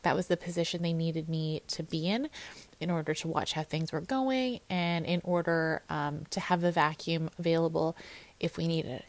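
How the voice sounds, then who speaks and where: Young woman, fitness-coach vlogger, low-ish voice, dry sound, talks candidly with lots of fillers. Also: dry recording. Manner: candid, conversational, many fillers. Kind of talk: personal birth story vlog.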